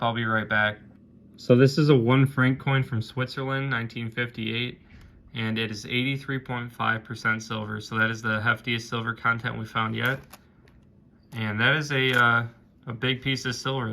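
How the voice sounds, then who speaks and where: A man narrating his own coin hunting video in a casual, excited way, often calling out to viewers as "guys". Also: mid-range voice, moderate pace, creaky. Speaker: coin roll hunting vlogger.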